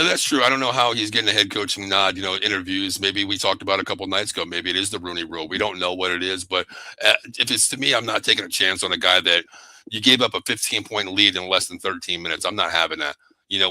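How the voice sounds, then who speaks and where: A man hosting a casual sports talk show, animated and excitable, often calling his co-host by name. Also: fairly low pitch, dry recording, poor audio.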